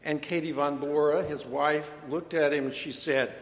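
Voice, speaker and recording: A male pastor preaching a sermon in a deliberate, measured way, with touches of dry humor. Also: on the high side, steady tone. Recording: echoey hall, long reverb.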